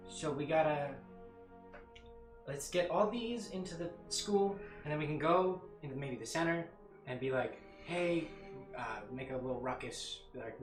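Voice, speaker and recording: A man's voice: a little high, measured pace. A man playing a tabletop game, eagerly brainstorming plans, recorded in an echoey room with music behind. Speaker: player. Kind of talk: casual tabletop game chat.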